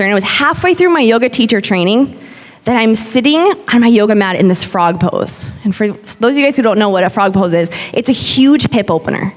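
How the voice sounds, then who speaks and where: A woman in her thirties, a yoga instructor, candidly and expressively telling her personal story to a live audience. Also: on the high side. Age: 30s. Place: large hall. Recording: long hall reverb.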